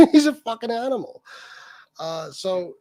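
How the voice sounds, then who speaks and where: A man's voice: high voice, sing-song, slow pace, mellow, a little hiss or hum. Profane mocking man ranting on livestream. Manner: profane, mocking, reads chat comments aloud. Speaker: livestream host. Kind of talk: casual livestream rant.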